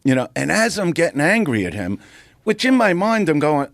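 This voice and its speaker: A middle-aged man, a comedian telling a story as a podcast guest in a brash, profane, animated way, acting out what people said. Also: a little high, moderate pace, creaky, no room sound. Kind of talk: casual storytelling.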